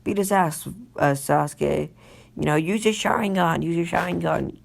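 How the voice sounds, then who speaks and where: A pushy teenage girl cheering on her crush in a fan-told anime story, as a man puts her on in a falsetto. The voice jumps high and shrill, with a creaky break underneath. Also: normal speed.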